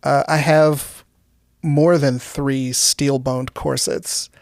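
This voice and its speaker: Gravelly-voiced woman, deadpan. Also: a bass voice, very slow, dry recording, studio quality. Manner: deadpan, dark humor, laughs at own jokes. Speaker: guest comedian. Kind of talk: casual interview chat.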